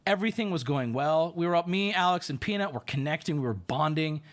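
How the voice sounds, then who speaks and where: An animated man tells a story casually on stream. His pitch leaps all over as he exclaims and swears. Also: fast talker.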